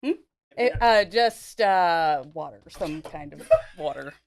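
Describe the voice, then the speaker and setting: Low-voiced woman, candid podcast guest. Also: lively intonation, slow, gravelly, a crowd in the background. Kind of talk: casual chat, taste test.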